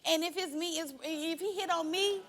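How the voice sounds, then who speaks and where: A woman's voice: very high voice, steady tone, moderate pace. A young woman appearing as a talk show guest, a reserved speaker defending herself to her friend. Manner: quiet and reserved, then raising her voice. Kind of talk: emotional talk show confrontation.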